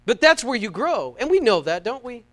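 A man from the United States preaching a sermon, fervent and emphatic, swinging between loud peaks and quiet asides and repeating his phrases. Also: extremely high pitch, very animated, moderate pace. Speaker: pastor.

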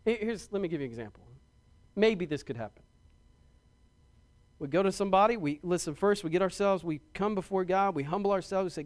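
A man's voice: high-pitched, lively intonation, quick pace. Emphatic preacher man. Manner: emphatic preaching, repeats words, rises to loud stresses. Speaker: pastor. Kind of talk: sermon.

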